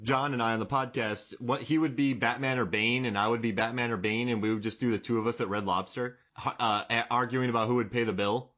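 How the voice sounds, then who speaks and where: A man's voice: mid-range voice, fairly even intonation, brisk, hardly any pauses, a bit bright, muffled recording. A man in his forties hosting a casual podcast chat, joking and rambling, fond of comic bits. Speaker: podcast host.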